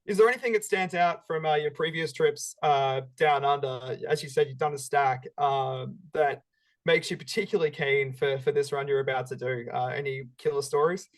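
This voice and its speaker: A man's voice: a little high, fairly even intonation, moderate pace. A man from Australia hosting a casual interview, asking friendly questions padded with plenty of "uh"s. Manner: friendly, filler-heavy questions with many "uh"s. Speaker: interviewer, host.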